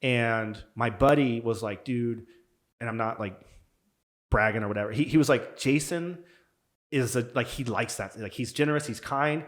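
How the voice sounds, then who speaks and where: Man, podcast guest, casual storytelling, animated, acts out quotes. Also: medium pitch, moderate pace. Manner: animated, acts out quotes, says "dude" a lot.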